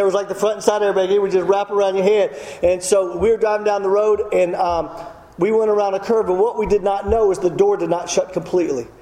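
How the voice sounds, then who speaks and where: A middle-aged man with a drawl rattles through a humorous testimony sermon at a rapid clip. His voice sits high but sounds mellow. The sound rings with a long hall echo. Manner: humorous storyteller, self-deprecating. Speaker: preacher. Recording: echoey hall.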